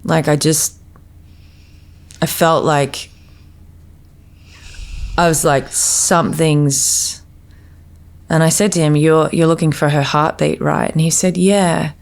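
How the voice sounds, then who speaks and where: Woman, podcast guest; deep, fry-edged voice; halting personal storytelling full of restarts. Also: fairly even intonation.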